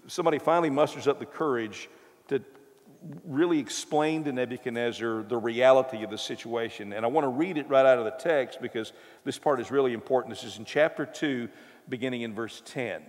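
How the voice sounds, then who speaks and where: A male preacher giving a sermon in a church, telling the story conversationally with touches of humor. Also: mid-range voice. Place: church sanctuary. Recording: reverberant church hall.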